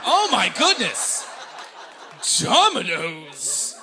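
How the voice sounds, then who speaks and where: A man performing stand-up comedy in an animated, self-mocking way, speaking straight to the audience. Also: high voice, measured pace, background noise.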